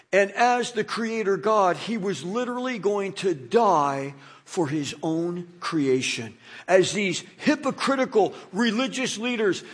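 A man preaching a sermon, animated and dramatizing the scripture passages he reads. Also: very high voice, slightly rough.

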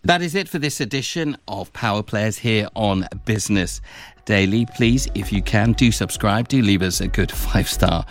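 A man podcast host giving a brisk, polite sign-off to his show. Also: fairly low pitch.

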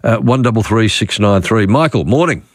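A man's voice: lowish voice, animated, normal speed, no room sound. A middle-aged man with an Australian accent hosting casual talkback radio, musing aloud with chatty fillers at a close studio mic. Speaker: radio host.

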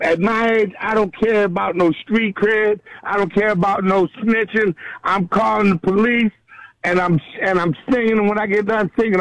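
A man's voice: sits high, a bit bright, no echo, poor audio. A middle-aged man calling in to a radio show, joking loosely in street slang. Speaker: caller. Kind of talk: phone-in call to radio show.

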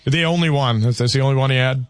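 A man co-hosting a casual political chat, talking in halting bursts and repeating words as he explains his view. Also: medium pitch, no echo, soft background music. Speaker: co-host.

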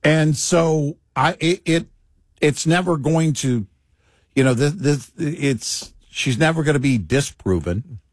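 A man co-hosting a talk radio show, sarcastic and animated, with laughing asides. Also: fairly high pitch, slow, dry recording, studio quality. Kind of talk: casual talk radio banter.

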